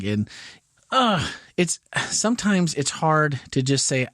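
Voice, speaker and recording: A man's voice: on the high side, sing-song, slow pace, fairly bright tone, dry recording, studio quality. A man hosting a casual church podcast, musing aloud in a thoughtful, rambling way with frequent restarts. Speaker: podcast host.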